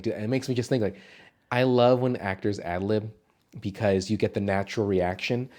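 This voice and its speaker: A man's voice: on the low side, darkish tone. A man co-hosting a podcast, chatting casually about a movie, rambling and swearing as he goes. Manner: rambling, swears, acts out quoted lines. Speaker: podcast co-host. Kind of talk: casual movie-review chat.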